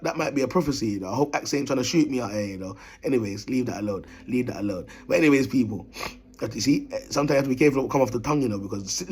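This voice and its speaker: A man's voice: medium pitch, breathy edge. A man with a London accent telling a rambling, slang-filled story to his viewers, repeating himself and calling them "people". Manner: slangy, repetitive, bursts of laughter, addresses "people". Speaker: self-styled prophet vlogger.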